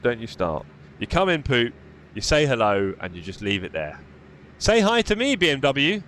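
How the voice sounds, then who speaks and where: Chatty man, lively pitch. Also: a little hiss or hum. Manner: chatty, reads chat aloud while driving. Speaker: sim racing streamer. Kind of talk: casual live-stream commentary. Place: home sim racing rig.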